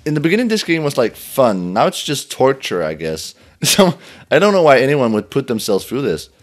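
A man's voice: mid-range voice, wildly swooping pitch, moderate pace, soft background music. A young man giving let's play commentary, laughing often, swearing and yelping in frustration as he plays. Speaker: gameplay commentator.

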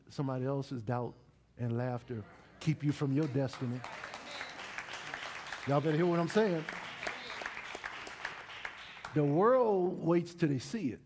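A middle-aged man preaching a sermon in a church, with lively call-and-response to the congregation. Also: a little high. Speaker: pastor. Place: church sanctuary.

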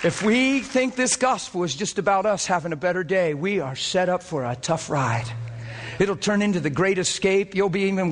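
An impassioned male preacher with a high voice pours out a sermon, firing rhetorical questions and climbing to emphatic peaks. His voice rings out with long reverb in a church hall. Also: animated, moderate pace, a faint crowd. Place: church service before a congregation.

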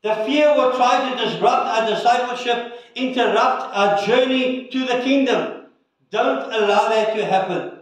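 A male pastor giving an earnest sermon and prayer with measured pauses, recorded in a church sanctuary. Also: very high-pitched. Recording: echoey church from a distance.

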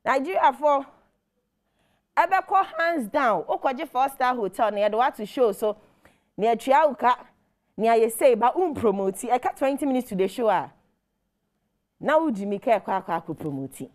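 A woman's voice: fairly high pitch, lively intonation, normal speed, a little mellow. A woman with a Ghanaian accent hosting entertainment news, delivering emphatic, scolding commentary that mixes Twi and English. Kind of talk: animated commentary.

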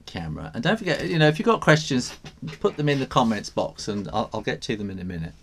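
A man's voice: medium pitch, very animated, fast talker, creaky, a little hiss or hum. An English man hosting a live drawing stream, chatting casually, reading out viewer comments and laughing often. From England.

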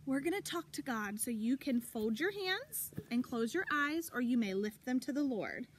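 A woman leading a preschool circle time lesson outdoors, talking to young children in an animated, encouraging way. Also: high-pitched, normal speed, a little hiss or hum. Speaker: preschool teacher.

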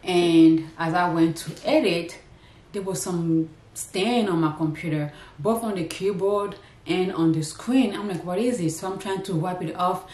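A woman's voice: fairly low pitch, a little slow, darkish tone. Chatty woman vlogging in an echoey room. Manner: chatty, rambling, talks straight to viewers. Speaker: lifestyle vlogger. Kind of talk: casual vlog chat to camera. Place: indoors at home.

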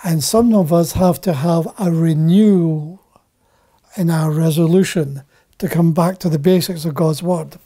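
A man preaching a Bible teaching sermon, deliberate and repeating key phrases for emphasis. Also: on the high side, dark tone.

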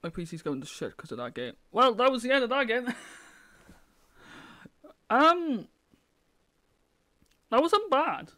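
A young man commenting on a horror game as he plays, often shouting, swearing and panicking. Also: very high voice, very animated, unhurried, long pauses. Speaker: gaming video host.

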